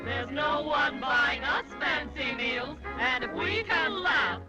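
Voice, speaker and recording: A woman's voice: high voice, takes it slowly, muffled recording, over loud music. A woman singing as a jaunty working girl in a 1930s musical number. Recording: old 1930s film soundtrack with loud orchestra.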